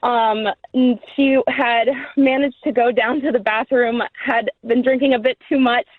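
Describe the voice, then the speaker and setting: High-voiced giggly woman on the phone. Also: steady tone, unhurried, no echo. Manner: casual, giggly, laid-back. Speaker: radio caller. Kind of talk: telling a story on a call-in show. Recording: tinny phone line.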